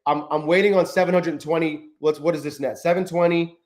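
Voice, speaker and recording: A man's voice: a little high, steady tone, fairly quick, a little mellow. A man live-streaming his trading, swearing often and berating himself, breaking off to greet viewers from the chat by name. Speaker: livestreaming day trader.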